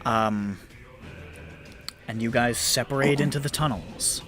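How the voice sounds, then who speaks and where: A man's voice: medium pitch, measured pace, a bit bright, faint music behind. A man running a tabletop game as game master, narrating casually and laughing with players.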